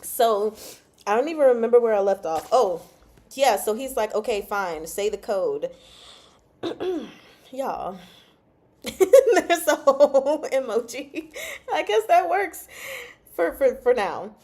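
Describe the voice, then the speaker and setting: A woman's voice: fairly high pitch, sing-song, slow pace, pauses often, dark tone. A woman hosting a casual livestream chat about a novel, laughing often and reading out chat comments. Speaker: book club host.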